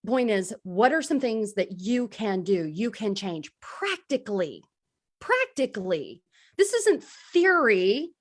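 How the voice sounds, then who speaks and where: A woman's voice: mid-range voice, sing-song, slow pace. A woman speaking in a candid, self-deprecating way, giving a casual recovery talk on a live stream as a crisis support speaker.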